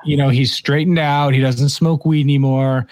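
A man's voice: medium pitch, steady tone, normal speed, background noise. A man co-hosting a podcast, chatting casually and joking around with lots of fillers. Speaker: podcast co-host. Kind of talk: casual chat.

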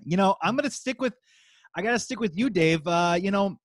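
40s dude hosting a podcast, kinda high voice, bone dry mic, rambly. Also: male voice, brisk, no echo. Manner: relaxed, rambling, lots of fillers. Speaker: podcast host. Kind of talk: casual comedic chat.

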